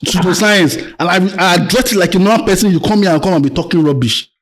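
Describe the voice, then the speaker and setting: A man in a heated argument, shouting, swearing and repeating himself. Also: high-pitched, fast. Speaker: debate participant.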